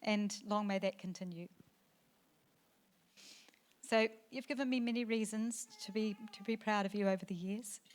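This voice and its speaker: A middle-aged woman gives a heartfelt wedding reception speech into a handheld microphone. She talks in a halting way, with fillers and restarts, and her voice fills with emotion. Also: medium pitch, fairly even intonation. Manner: emotional, tearful at times, laughing through the speech. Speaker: mother of the bride giving a speech. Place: wedding reception venue, indoors.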